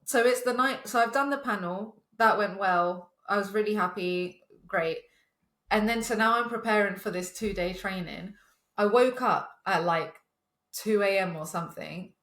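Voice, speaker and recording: A woman's voice: medium pitch, normal speed, fairly bright tone, echoey room. Chatty young woman telling a story. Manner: chatty storytelling, swears, laughs often. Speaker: podcast co-host. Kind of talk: casual chat.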